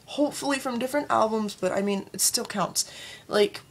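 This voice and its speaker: A young woman vlogger ranting casually to camera about her pet peeves, chatty, with sudden jumps up in pitch. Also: brisk.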